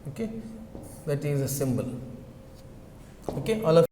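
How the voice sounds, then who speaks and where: A male teacher giving a classroom lecture, dictating slowly and repeating key terms, and often checking on his students with "okay" and "right.". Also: on the high side, sing-song, mellow, echoey room, in a large hall, a little hiss or hum.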